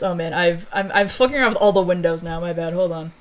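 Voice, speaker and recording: A woman's voice: lowish voice, quick pace, few pauses. Rambling, self-mocking woman streamer. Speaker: streamer and story author. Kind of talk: casual chat.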